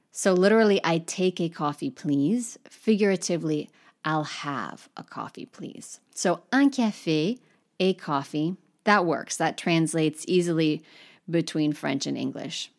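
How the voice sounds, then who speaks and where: A woman teaching French in a relaxed, encouraging way, sometimes dropping almost to a whisper. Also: deep voice, unhurried. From United States. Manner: friendly, encouraging, drifts into soft near-whispers. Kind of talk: relaxed spoken lesson.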